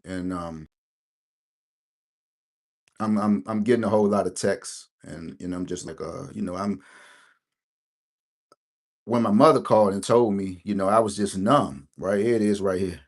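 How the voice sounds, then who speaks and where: A man's voice: low-pitched, normal speed, long pauses. A middle-aged man, telling a personal story in a rambling way and often checking in with "right?". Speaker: lottery channel host. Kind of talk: casual personal storytelling to viewers.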